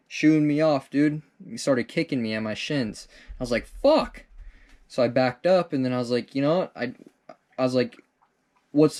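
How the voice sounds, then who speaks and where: A man's voice: medium pitch, darkish tone. A young man hosting a comedic vlog, answering viewer questions in a rambling, laid-back way and tossing in "dude" and casual swearing.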